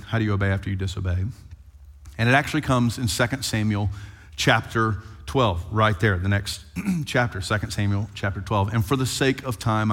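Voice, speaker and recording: Animated man preaching in an echoing hall. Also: on the low side. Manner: animated storytelling, conversational. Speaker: pastor. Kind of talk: sermon. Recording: long hall reverb.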